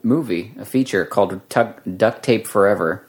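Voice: deep voice, moderate pace. A podcast participant chiming in casually with short remarks. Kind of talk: casual chat.

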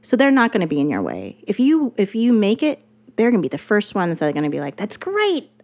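A woman's voice: mid-range voice, big pitch swings, fast, darkish tone. A woman in her forties, a writer and guest, talking emphatically and repeating herself, with an occasional swear. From United States. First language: Mandarin. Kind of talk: casual interview talk.

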